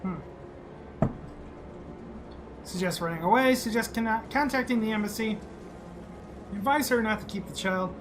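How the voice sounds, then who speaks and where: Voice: mid-range voice, normal speed, pauses often, noisy background. Chatty gamer commenting on play. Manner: chatty, mutters and hums while playing. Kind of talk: casual gameplay commentary. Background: game music.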